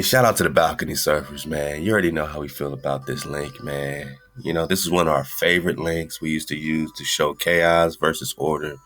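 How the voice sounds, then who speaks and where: A man with a low, deep voice hosts an internet radio stream. He talks in an easygoing, slangy ramble, addressing listeners as "man." Faint music plays underneath. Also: fairly bright tone. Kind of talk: casual livestream talk.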